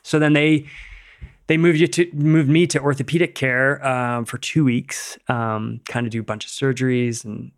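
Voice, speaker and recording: A man's voice: medium pitch, steady tone, moderate pace. A middle-aged man, a podcast guest, telling a casual story in a rambling way, acting out what people said and using many "like"s.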